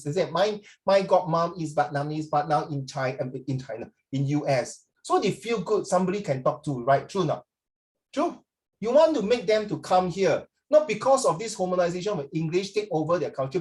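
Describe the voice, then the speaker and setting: A man's voice: on the high side, darkish tone. A man with a Singaporean accent, teaching in a casual, chatty way and often mimicking other accents. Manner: chatty, mixes English and Chinese, mimics accents. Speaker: tutor. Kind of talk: casual lesson chat.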